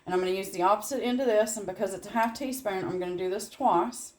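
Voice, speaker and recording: A woman's voice: mid-range voice, fast talker, a little hiss or hum. Chatty Southern woman showing a recipe. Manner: chatty, rambling asides with little laughs. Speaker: home cooking channel host. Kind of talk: casual cooking demonstration.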